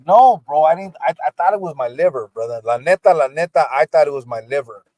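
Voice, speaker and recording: A man's voice: on the high side, lively intonation, fast, a little mellow, dry recording. A man hosting a casual livestream from a car in the rain, laid-back and swearing easily. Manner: laid-back, reads viewer comments aloud, swears casually. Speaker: podcast host.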